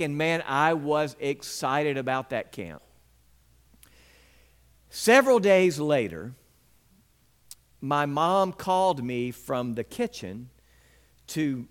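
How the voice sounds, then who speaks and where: A male preacher with a drawl tells stories from the pulpit. His voice sits a little high and swoops widely in pitch as he acts out scenes. He mixes plain teaching with playful, animated storytelling. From Mississippi, US. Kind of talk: sermon with personal storytelling.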